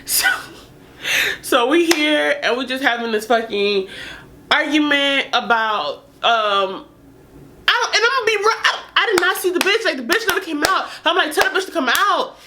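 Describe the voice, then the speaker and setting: A young woman vlogger telling a casual story in an animated, profane way, laughing as she goes. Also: high voice, moderate pace, slight background noise.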